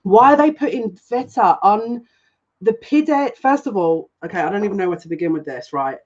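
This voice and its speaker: A woman's voice: medium pitch, lively intonation, moderate pace, darkish tone. A woman chats her way through a casual live tarot reading, wandering off on tangents and giggling often. Her voice sits in a middling register. The recording is dull and lo-fi. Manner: chatty, rambling and giggly. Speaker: psychic reader. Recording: dull lo-fi sound.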